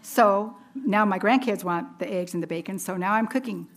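Speaking at a normal speed with a medium-pitched voice, a woman in her fifties from women's ministry shares her testimony as a sermon. She tells it earnestly, as a story, laughing at herself now and then.

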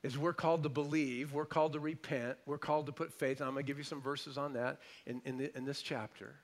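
A male pastor preaching a sermon emphatically, repeating phrases and swinging between loud declarations and soft asides. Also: medium pitch, fairly even intonation, fast talker.

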